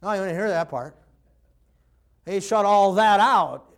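Older male pastor, high-pitched, animated sermon delivery with acted-out voices and laughter. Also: measured pace. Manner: animated, acts out quoted voices, laughs often.

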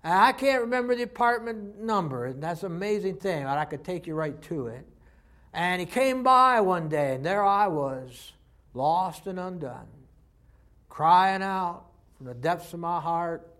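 Male preacher, high-pitched, impassioned sermon delivery with big swings in volume. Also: expressive, unhurried, a bit bright. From Texas.

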